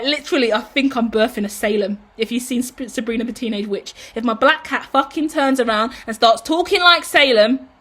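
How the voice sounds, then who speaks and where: A woman's voice: fairly high pitch, a bit bright. A woman giving a casual, rambling tarot reading, swearing freely as she talks. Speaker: tarot reader.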